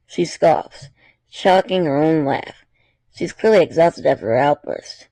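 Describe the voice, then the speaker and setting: A man reads a fan-fiction story aloud in a gravelly voice, pitched somewhat high for a man. The sound is dry and close, with no room around it. He breaks off now and then for chatty, apologetic asides. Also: a little slow, dark tone, dry recording. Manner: chatty, apologetic asides between dramatic reading.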